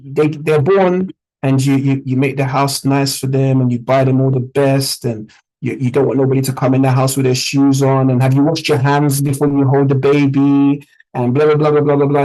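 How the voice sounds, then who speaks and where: A man's voice: on the high side, darkish tone, rough recording. A man with a British accent, a trading mentor giving an emphatic, conversational motivational talk to a group, often checking in with "yeah?". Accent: British English.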